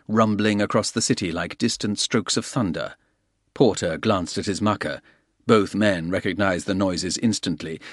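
A man reads an action thriller aloud in a steady, brisk manner. His voice sits low, and the recording is dry and close with no room sound. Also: no room sound. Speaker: audiobook narrator. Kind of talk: scripted narration.

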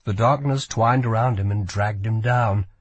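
A man narrating a fantasy audiobook with slow, expressive storytelling. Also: fairly low pitch, slightly rough, dry recording. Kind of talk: scripted narration.

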